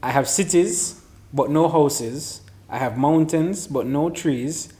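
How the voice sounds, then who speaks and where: A man's voice: on the high side, takes it slowly, mellow. A man hosting a casual chat show, reading riddles aloud and teasing his friends. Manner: teasing, laughs often.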